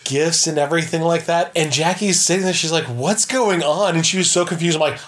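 A young man co-hosting a casual podcast chat, animated and swearing freely, acting out his own reactions as he talks. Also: on the high side, fast, a little hiss or hum. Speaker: podcast co-host.

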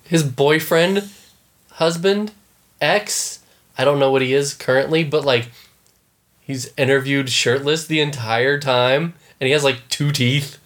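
A man co-hosting a casual chat, telling animated stories with sudden shouts and acted-out quotes, swearing freely. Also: medium pitch, a little slow.

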